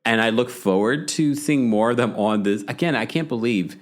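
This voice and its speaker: A man hosting a reality TV recap podcast, telling the story in an animated, gossipy way and checking in with "okay?" asides. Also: medium pitch, moderate pace. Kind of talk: casual chatty recap.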